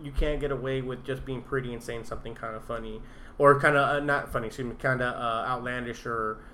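A man chatting casually, rambling and animated, telling stories with laughs and swearing. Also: medium pitch, fast, slight background noise. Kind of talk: casual chat.

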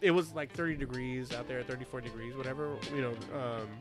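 Fast-talking Californian man, rambling. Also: mid-range voice, fairly even intonation, music in the background. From Southern California. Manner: profane, rambling storyteller, quick to laugh. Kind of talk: casual chat.

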